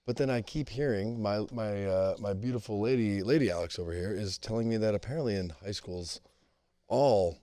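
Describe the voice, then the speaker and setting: A man, a guest on a casual podcast, telling a rambling story in an animated way. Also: fairly low pitch, a little fast, no echo, studio quality.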